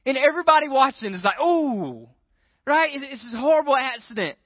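A man's voice: extremely high pitch, fast, dry recording. A man preaching a sermon, telling a story with animation and checking in with the crowd. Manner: animated storyteller, keeps asking the crowd "right?". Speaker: pastor. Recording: dry, dull lo-fi sound.

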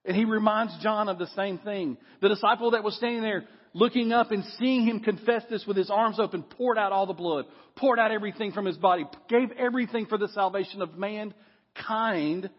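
A man's voice: fairly quick, slightly rough. Man, preaching, church hall reverb, lo-fi recording. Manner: animated preaching, drops to low voice for effect. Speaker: pastor. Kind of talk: sermon. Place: church sanctuary. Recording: long hall reverb, dull lo-fi sound.

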